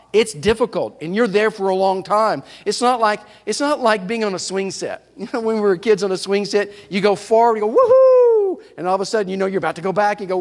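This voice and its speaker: A man pastor preaching a sermon in a church, telling stories with animated delivery. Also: high-pitched. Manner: animated storytelling preacher, shouts playful whoops. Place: church sanctuary. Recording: church hall reverb.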